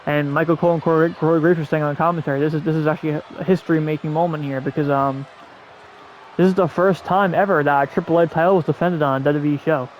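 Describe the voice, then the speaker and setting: A man's voice: on the high side, steady tone, fast, slight background noise, poor audio. A man hosting a podcast, rambling through a casual wrestling recap with many restarts and repeated words. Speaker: podcast host.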